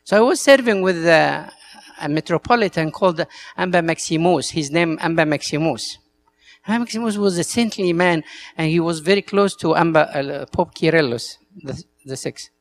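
A man's voice: on the high side, normal speed, slight background noise. A male priest with an Egyptian Arabic accent, a native Arabic speaker, giving an earnest talk to church servants and telling stories in broken English.

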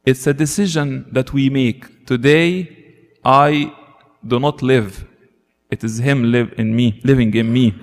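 Man, earnest sermon, long echo of a hall, pitch jumps up for emphasis. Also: fairly even intonation, measured pace. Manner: earnest, rises in pitch for emphasis, asks rhetorical questions. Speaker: preacher.

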